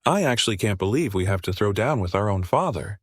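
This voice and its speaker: A stunned young woman mage speaks in hushed tones, as a man reads her in a story recap. The voice stays fairly low and dry. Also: animated, a little fast, dry recording.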